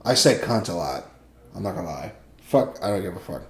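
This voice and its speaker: A man's voice: sits low, sing-song, a little fast. A young man co-hosting a podcast, ranting and joking in a loose, profane, rambling way. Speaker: podcast co-host. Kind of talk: casual podcast chat.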